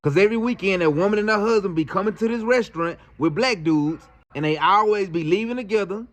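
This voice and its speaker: A man voicing a blunt, street-wise male valet who speaks in a low-key way. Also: fast, close to an everyday voice. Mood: warning.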